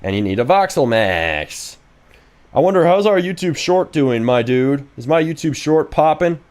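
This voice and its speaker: A man's voice: on the high side, normal speed. Brash, profane young man livestreaming. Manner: brash, profane, excitable rambling; reads viewer chat questions aloud and answers. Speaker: game developer streaming live. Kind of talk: casual livestream chat while coding.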